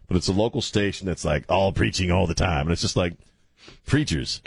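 A man's voice: sits low, a little fast, gravelly, breathy edge, dry recording. A man hosting a radio show, chatting casually and rambling with many restarts.

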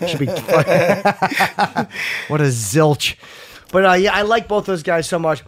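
A man's voice: sits high, slow pace, fairly bright tone, dry recording. Crude joking man in a dry studio. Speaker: podcast co-host. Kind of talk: casual podcast banter. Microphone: studio mic.

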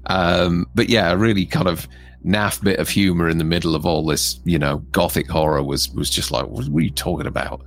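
A man co-hosting a casual film review chat, animated and laughing often. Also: low-pitched, normal speed. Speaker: co-host.

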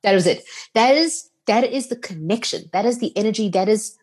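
A woman's voice: medium pitch, a little fast, husky. Heartfelt South African woman telling stories. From Durban, South Africa. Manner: heartfelt, animated retelling with acted-out quotes. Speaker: radio presenter, podcast guest. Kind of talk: emotional interview storytelling.

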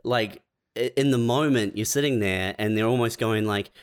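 A man's voice: on the low side, moderate pace, smooth. A man co-hosting a podcast, riffing on comic hypotheticals in casual chat. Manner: laid-back, riffing in hypotheticals. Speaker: podcast co-host.

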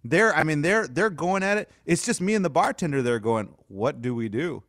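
A man's voice: on the high side, fairly quick, no echo, studio quality. A man telling stories in casual chat with friends, acting out the people he quotes and laughing often. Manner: animated storyteller, acts out quotes, laughs often.

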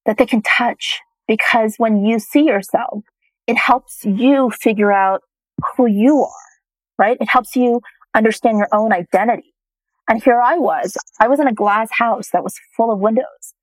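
A woman's voice: medium pitch, no room sound, poor audio. A middle-aged woman telling a personal story as a guest, reflective and at times choked up.

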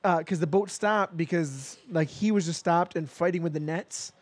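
Young man, casual podcast storyteller: high voice, laughs often, plays the people in his anecdotes. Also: normal speed, husky, no echo. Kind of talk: casual chat.

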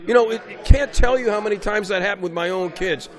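Animated storytelling man, high voice. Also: fast talker, few pauses, a faint crowd. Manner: animated storyteller, raises voice for emphasis. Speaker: basketball coach, guest. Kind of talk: casual interview conversation.

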